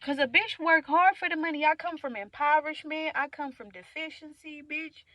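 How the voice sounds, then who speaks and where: A young woman venting in a candid, profane monologue, swinging from loud outbursts to low mutters. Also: normal speed, no echo. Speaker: vlogger.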